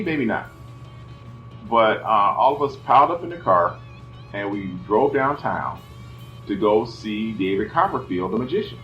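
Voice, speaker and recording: A middle-aged man telling a family story casually, acting out the voices and saying "you know" a lot. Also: medium pitch. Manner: animated, acts out voices, many "you know" fillers. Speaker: son telling family stories. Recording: roomy, slightly dull, faint music behind.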